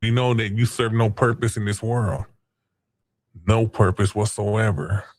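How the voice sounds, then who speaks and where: A man's voice: lowish voice, fairly even intonation, measured pace, a little mellow, no echo, clean studio sound. A man hosting a casual livestream, taunting chat users in crude, profane slang. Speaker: stream host.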